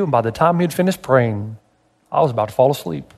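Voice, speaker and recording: A male pastor preaching a sermon, animated and emphatic, firing rhetorical questions at the congregation. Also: mid-range voice, brisk, long reverb tail. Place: church.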